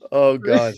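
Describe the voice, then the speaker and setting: A man's voice: mid-range voice, darkish tone, no room sound, studio quality. A man co-hosting a casual podcast chat with short, enthusiastic interjections. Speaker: podcast co-host.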